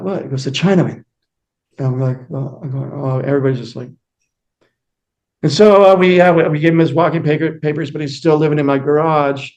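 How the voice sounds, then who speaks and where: A man talks as a guest in a casual interview, wandering through anecdotes. He fills gaps with fillers and acts out what people said. His voice sits a little higher than most men's. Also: a little mellow. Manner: rambling anecdotes with many fillers and acted-out quotes.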